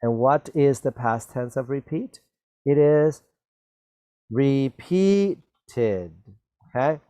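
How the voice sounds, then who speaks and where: A man's voice: medium pitch, fairly even intonation, unhurried, mellow, dry recording. A man teaching children spelling and vocabulary, patiently encouraging them and spelling words out letter by letter.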